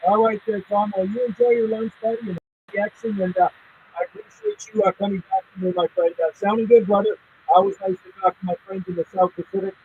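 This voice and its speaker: A man's voice: sits high, steady tone, brisk, a little mellow, highs cut off, slight background noise. A man operating a CB radio from a west coast island, chatting casually and trading call signs in a friendly way. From Canada. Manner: friendly, chatty, trails off with uhs. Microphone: radio microphone.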